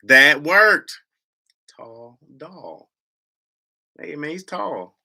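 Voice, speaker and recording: Animated Michigan man, bright edge. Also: on the high side, very slow, vocal fry. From Lansing, Michigan, US. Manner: slangy, rambling, laughs often. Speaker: livestream host. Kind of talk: casual livestream chat.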